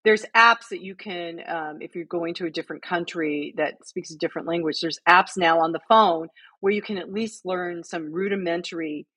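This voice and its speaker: Husky low-voiced woman telling travel stories. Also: normal speed, no echo. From United States. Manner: animated storyteller, acts out quotes. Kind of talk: casual chat.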